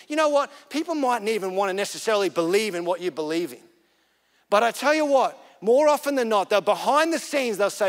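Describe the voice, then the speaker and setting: Male pastor, higher voice, earnest chatty sermon delivery, long church-hall reverb. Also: expressive, moderate pace. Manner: earnest, conversational storytelling that builds to emphatic points.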